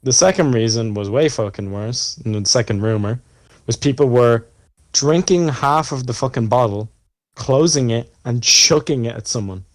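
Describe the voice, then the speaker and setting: A young Irish man talks in a casual podcast chat. He tells the story in a loose, rambling way, swears freely and fills the gaps with "like" and "um". His voice sits at an ordinary pitch for a man. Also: normal speed, dry recording. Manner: rambling, profane storytelling full of fillers. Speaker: podcast co-host.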